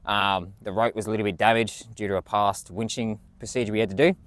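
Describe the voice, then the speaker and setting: A man's voice: on the low side, steady tone, fast, a bit bright, no room sound. A man walking through his vehicle build in a casual, enthusiastic way, swearing freely. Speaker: vlogger.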